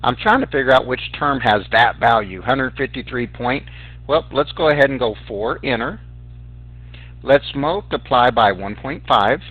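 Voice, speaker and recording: A man with a husky, mid-range voice speaks at a moderate pace, teaching math on a recording that sounds dry and tinny, like a phone. He walks his students through sequences on a calculator one step at a time, saying each step aloud and calling them "guys" as he talks to them directly.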